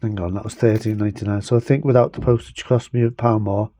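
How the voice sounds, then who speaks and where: A man from the UK talks through a bike tool in a relaxed home vlog. His delivery rambles in a chatty, self-deprecating way. His voice has a mellow, dark tone. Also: lowish voice, fast, no room sound. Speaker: bike vlogger. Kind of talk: casual demonstration vlog.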